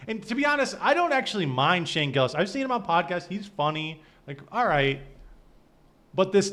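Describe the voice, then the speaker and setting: A male streamer reacting live to a clip, riffing with sarcasm. His voice is fairly high for a man and very lively, swinging widely in pitch as he talks through his reactions.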